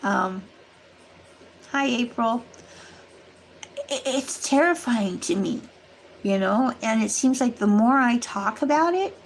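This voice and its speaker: Pausing often and taking her time, a woman with a slightly high, expressive voice rambles through warnings to her livestream viewers, speaking to them directly in a casual, earnest chat. There's a little hiss or hum on the low-quality recording.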